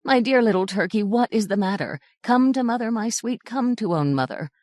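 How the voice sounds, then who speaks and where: A woman reading the part of a gentle, loving young mother, speaking softly and tenderly. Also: fairly high pitch, animated, a little fast, no echo, studio quality, voice pushed up, lightly acted. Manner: soft, tender, earnest.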